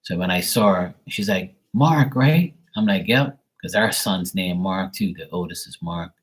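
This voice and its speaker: Blunt, profane man in casual chat; deep and husky. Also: steady tone, moderate pace, rough recording.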